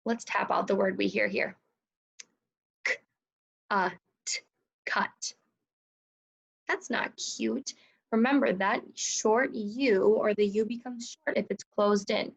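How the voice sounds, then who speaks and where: Patient, slow-spoken woman teaching phonics. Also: medium pitch, steady tone, creaky, breathy edge, low-quality recording. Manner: patient, slow, sounding out words. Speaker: second grade teacher. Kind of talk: phonics lesson for children.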